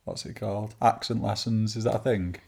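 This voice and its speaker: A man's voice: fairly low pitch, flat delivery, a little fast, gravelly, darkish tone, breathy edge. A man with a Wigan accent, co-hosting a podcast in casual, joking banter. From Wigan, England. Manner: joking, bantering, self-mocking. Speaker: podcast co-host. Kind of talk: casual chat.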